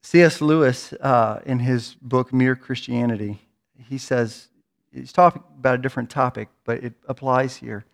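A man's voice: mid-range voice, steady tone, moderate pace, vocal fry. A man preaching a sermon in a church, in an earnest manner, often repeating words as he builds toward a point. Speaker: pastor.

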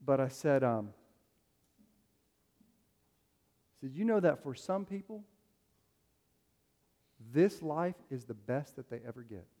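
A man's voice: mid-range voice, expressive, takes it slowly, long pauses, dark tone. A man preaching a sermon as a pastor, telling stories in a loose, conversational way with plenty of fillers. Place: church sanctuary. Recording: long hall reverb.

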